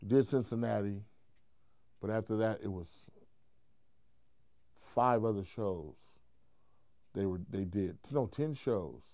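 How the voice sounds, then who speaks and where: A man, a comedian, telling an animated, profane story in an interview, mimicking the people he quotes. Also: takes it slowly, pauses often, dry recording. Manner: profane, acts out quotes in high voices, laughs while telling.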